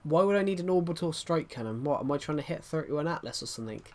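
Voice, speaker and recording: A man's voice: a little high, expressive, quick pace, darkish tone. A man chatting casually on a live stream, rambling and often restarting his sentences as he answers chat. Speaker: livestreamer reading chat.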